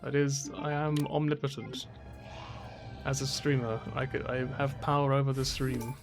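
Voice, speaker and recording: A man's voice: mid-range voice, flat delivery, moderate pace, music in the background. A man streaming a video game, chatty and self-deprecating, swearing and laughing often. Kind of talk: casual game commentary.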